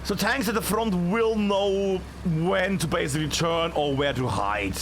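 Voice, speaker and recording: A man giving live play-by-play commentary on a video game match, chatty and excitable with many fillers. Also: sits high, unhurried, a little hiss or hum. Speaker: esports caster.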